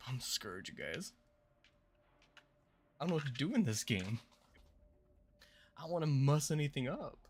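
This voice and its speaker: A man's voice: medium pitch, big pitch swings, unhurried, long pauses, husky. A man hosting a casual gameplay livestream, chatting playfully and with hype to his viewers. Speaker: streamer and channel host.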